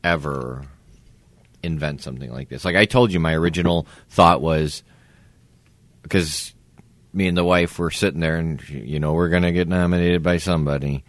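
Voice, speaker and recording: A man's voice: low voice, steady tone, moderate pace, dry recording. A man guesting on a podcast, joking and swearing in a laid-back, casual way. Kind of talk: casual chat.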